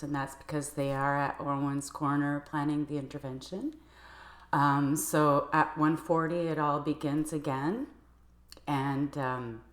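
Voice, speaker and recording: A woman giving a personal account to camera in a measured, halting way. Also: sits low. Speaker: video creator. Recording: roomy echoey room.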